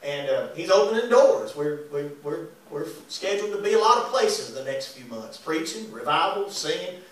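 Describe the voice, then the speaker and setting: A man, preaching and singing as an evangelist, folksy and animated with laughing asides. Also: a little high, moderate pace. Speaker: evangelist and singer. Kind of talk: lively sermon with congregation call and response. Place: church sanctuary. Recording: echoey church recorded from a distance.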